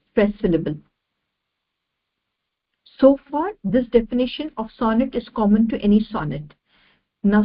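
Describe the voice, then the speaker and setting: A woman giving an online lecture over slides, measured and repeating each definition step by step. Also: a little high, lo-fi sound.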